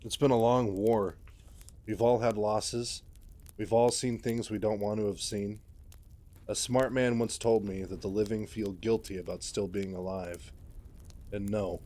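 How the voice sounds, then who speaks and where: A man's voice: fairly low pitch, steady tone, normal speed, darkish tone. A man casually retelling a sci-fi game's story in a loose, chatty way with frequent fillers. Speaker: lore narrator. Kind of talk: casual retelling of game lore.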